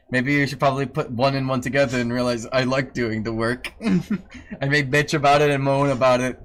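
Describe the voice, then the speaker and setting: On a casual livestream, a man with a mid-range, fairly bright voice swears freely and laughs often as he answers viewers. He also teases and scolds his dog in a raised voice.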